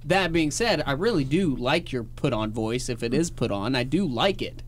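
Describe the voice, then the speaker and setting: A man on a radio panel giving a frank, measured verdict on a song. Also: mid-range voice, lively intonation, a little hiss or hum. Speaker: radio co-host. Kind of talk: casual radio banter.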